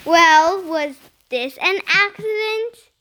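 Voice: very high-pitched, slow, sharp tone, full character voice. A child reader voicing a grumpy, exasperated middle-aged father in a storybook.

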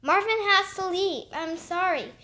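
Woman playing a cheerful dog-class teacher, high pitch, bright tone, storybook. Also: expressive, measured pace, exaggerated voice. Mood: cheery.

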